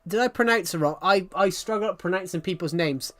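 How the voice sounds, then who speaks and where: A British man with a fairly high voice talks casually with his stream viewers. He pushes his voice louder and brighter than his usual way of speaking, and he rambles and apologizes often as he reads and answers the chat. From United Kingdom. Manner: puts on a louder, happier voice for the stream; rambling, chatty, quick to apologize. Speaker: live streamer.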